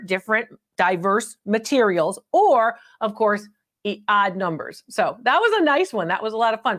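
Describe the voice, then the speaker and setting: High-voiced chatty woman appraiser. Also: fairly bright tone. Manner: chatty and teasing, calls guests honey and babe, laughs often. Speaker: antiques appraiser hosting a live call-in show. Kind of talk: lively live-stream chat with callers.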